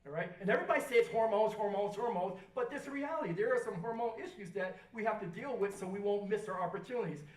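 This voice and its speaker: A woman's voice: medium pitch, quick pace, hardly any pauses. Woman coaching a crowd in an echoey hall. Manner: repetitive, coaching, has the crowd repeat lines. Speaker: rally speaker. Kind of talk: motivational talk to an audience. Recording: echoey hall, voice far from the mic.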